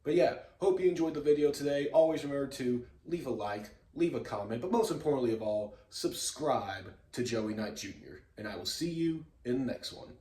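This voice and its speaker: A man hosting his own video channel, telling stories in a relaxed, rambling way with lots of fillers and chuckles. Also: mid-range voice, normal speed, few pauses. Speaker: YouTube host. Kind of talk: casual vlog storytelling. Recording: echoey room.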